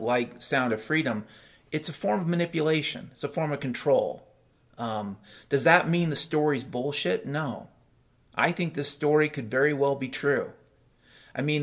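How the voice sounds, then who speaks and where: A man delivering a rambling monologue, profane and sardonic, sliding into deadpan absurdist storytelling. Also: medium pitch. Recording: faint piano music behind.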